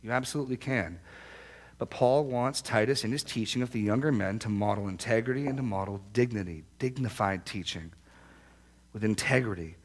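A man's voice: on the low side, a little fast. A man preaching a sermon to a small church congregation, speaking in an earnest, emphatic way and repeating his key phrases for weight. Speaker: pastor.

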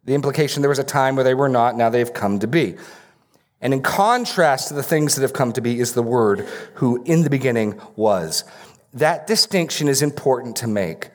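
A man's voice: mid-range voice, lively intonation, moderate pace. A man preaching a verse-by-verse sermon as pastor, repeating key phrases for emphasis. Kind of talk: expository sermon.

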